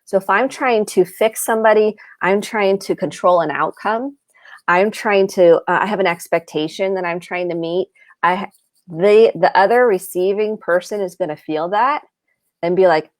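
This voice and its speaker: A woman's voice: mid-range voice, moderate pace, no echo. A middle-aged American woman from the Midwest, a therapist giving earnest advice and acting out example lines. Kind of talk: advice talk on a live show.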